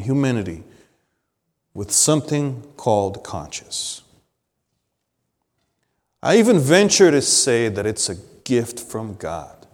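Slow, animated preaching man in a reverberant hall. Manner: dramatic preaching, swings from loud emphasis to hushed low lines. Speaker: pastor. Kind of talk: sermon.

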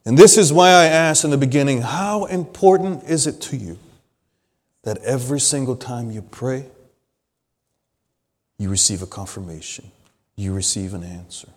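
A male pastor preaching a sermon, swinging between loud emphasis and hushed, low phrases. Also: normal speed, long pauses. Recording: long hall reverb.

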